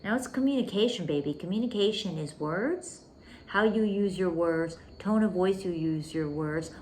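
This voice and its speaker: A woman's voice: fairly low pitch, moderate pace, a little mellow, slight background noise. A woman hosting a relationship podcast, talking intimately and emphatically, calling the listener "baby" and dropping into whispers for emphasis. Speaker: podcast host. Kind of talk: relationship coaching monologue.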